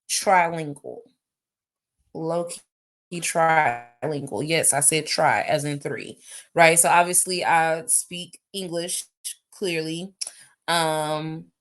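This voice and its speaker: A woman, chatting animatedly with viewers as she answers their questions in a live stream. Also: on the low side. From United States. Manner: animated, chatty, reads questions aloud, addresses viewers as y'all. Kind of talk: casual live Q&A chat. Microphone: phone or webcam for a live stream.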